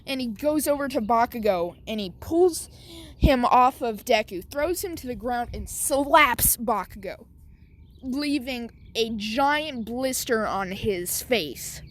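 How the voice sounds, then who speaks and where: A woman's voice: a little high, animated, takes it slowly. A woman casually making up and narrating a fan story, rambling with lots of fillers and restarts.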